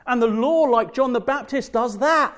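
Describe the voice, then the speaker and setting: A man preaching a sermon as pastor, fervent and emphatic, repeating phrases and slowing down to stress key words. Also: very high-pitched, fairly bright tone.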